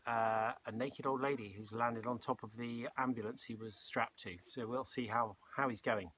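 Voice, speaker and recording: A man reading a children's novel aloud, relaxed, with chatty asides between passages. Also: mid-range voice, slight background noise. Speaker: storybook reader.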